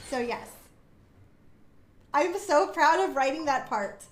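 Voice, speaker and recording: A woman's voice: sits high, lively intonation, takes it slowly, long pauses, a crowd in the background. A woman streamer chatting in a casual, bubbly, self-deprecating way about her writing while she plays. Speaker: streamer and author. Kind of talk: casual live-stream chat and reading aloud. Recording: echoey room.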